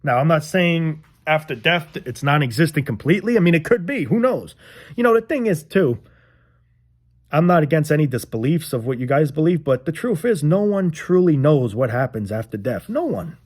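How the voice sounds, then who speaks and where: A man's voice: on the high side, lively intonation, moderate pace, a little mellow. A young man ranting casually to his viewers, frustrated and rambling, swearing often and repeating himself. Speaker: vlogger. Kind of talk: casual rant to camera.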